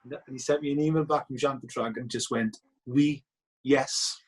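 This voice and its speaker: A man's voice: medium pitch, fast talker, rough recording. A Welsh man telling football-trip stories in casual chat, acting out the voices of the people he quotes. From Wales. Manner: animated, acts out quoted voices. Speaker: guest.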